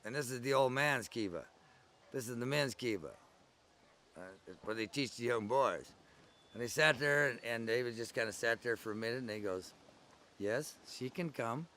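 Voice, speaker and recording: A man's voice: medium pitch, moderate pace, pushed and bright. An older man recalling his early days at the gathering in a rambling, conversational oral-history style. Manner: rambling, conversational storytelling with digressions.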